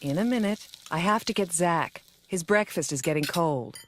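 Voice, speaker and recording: Woman doing calm practical mom, even tone, textbook dialogue, faint hiss behind. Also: fairly low pitch, moderate pace, natural voice. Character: busy practical mom, middle-aged.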